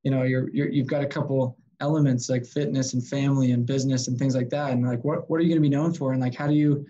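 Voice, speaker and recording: A man's voice: medium pitch, quick pace, lo-fi sound. A man, a podcast guest and sales consultant, telling stories casually and acting out the voices of people he quotes, with some swearing. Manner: animated, swearing, acts out quoted dialogue. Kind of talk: casual storytelling interview.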